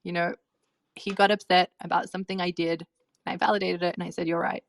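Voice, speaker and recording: A woman's voice: on the low side, level tone, fast talker, creaky. A young adult woman coaching on relationships in a casual, chatty way, full of "you know" and "um". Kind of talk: casual advice talk.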